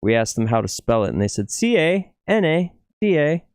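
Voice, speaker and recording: A man's voice: fairly high pitch, very animated, normal speed, a little mellow, smooth, no room sound, studio quality. A middle-aged man from California chatting casually, rambling and laughing easily as he talks. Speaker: podcast guest, musician. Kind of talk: casual chat.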